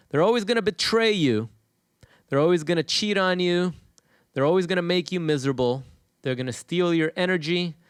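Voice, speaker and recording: A male host speaking to viewers in a blunt, hammering style, full of repetition and swearing. His voice is smooth and resonant, pitched a little high, and recorded dry and close. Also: no room sound. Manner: emphatic, repetitive and profane. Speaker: channel host. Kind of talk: casual monologue to viewers.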